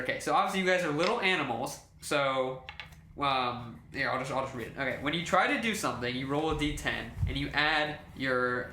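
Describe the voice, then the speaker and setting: A man's voice: medium pitch, pushed and bright, echoey room, slight background noise. A man acting as game master, explaining the rules in a rambling way, full of fillers and restarts. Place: room shared with players.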